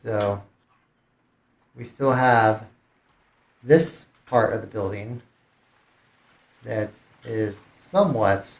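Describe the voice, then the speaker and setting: A man's voice: fairly low pitch, very slow, gravelly, long pauses, roomy sound. A man streamer giving casual gameplay commentary, thinking aloud with hesitant restarts. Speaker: game streamer.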